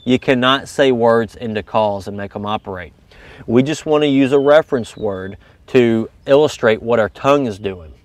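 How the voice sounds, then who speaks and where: Man in his own voice, mid pitch, plain coach explaining technique step by step, dry close sound. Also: normal speed, dry recording. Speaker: goose calling instructor. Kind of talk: instructional video lesson.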